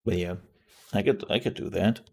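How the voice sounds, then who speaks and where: A man's voice: fairly low pitch, normal speed, gravelly, mellow, slightly rough. A man streaming live, chatting casually and joking often.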